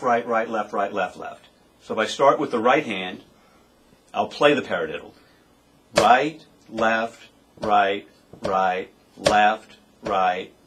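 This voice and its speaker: A man's voice: mid-range voice, fairly bright tone. A man giving a drum lesson, explaining step by step and calling out the strokes aloud as he plays. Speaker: drum teacher. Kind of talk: demonstration lesson. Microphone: webcam. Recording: webcam recording with noticeable background noise.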